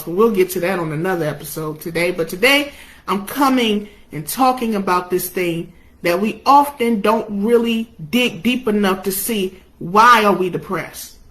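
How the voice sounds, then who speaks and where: A woman's voice: medium pitch, a bit bright, rough recording. A young adult woman preaching a sermon, impassioned, her delivery rising and falling with emotion.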